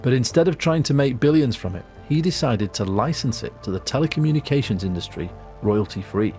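A man delivering measured, scripted documentary narration in a storytelling manner. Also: medium pitch, lively intonation, darkish tone, faint music behind.

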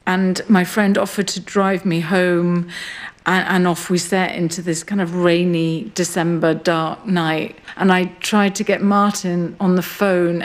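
A middle-aged woman speaks in an unhurried, thoughtful way, her words spaced out with pauses. She is a farmer and writer being interviewed outdoors on her farm. Her voice sits at a middle pitch. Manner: slow, reflective storytelling. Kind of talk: radio interview.

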